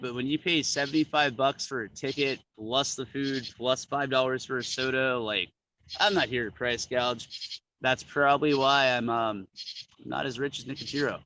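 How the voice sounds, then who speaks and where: A man chatting casually, telling animated stories full of "like" and "dude". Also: medium pitch, normal speed, slight background noise, rough recording. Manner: animated storyteller, lots of "like" and "dude". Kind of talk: casual chat.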